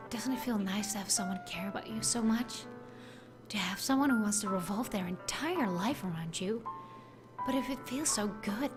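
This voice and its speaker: A woman voicing an obsessive, lovesick young woman, reading game dialogue in a soft, hushed, intense way. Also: mid-range voice, natural voice.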